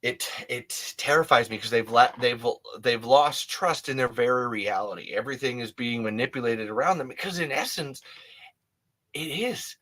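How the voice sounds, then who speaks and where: A man's voice: medium pitch, normal speed, bright, forceful tone. A man in his thirties hosting a casual livestream, rambling emphatically with many restarts and frequent swearing. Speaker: livestream host.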